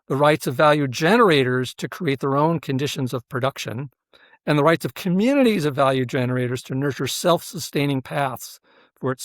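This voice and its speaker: Earnest explaining man, slightly higher voice. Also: no room sound, clean studio sound. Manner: earnest, explaining, many fillers and "right?" check-ins. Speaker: professor and researcher, interview guest. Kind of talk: explanatory interview talk.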